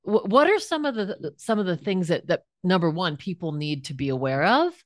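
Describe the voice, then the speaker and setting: A woman's voice: on the low side, big pitch swings, moderate pace, no room sound, studio quality. A woman hosting a podcast interview, asking earnest, reflective questions. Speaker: podcast host.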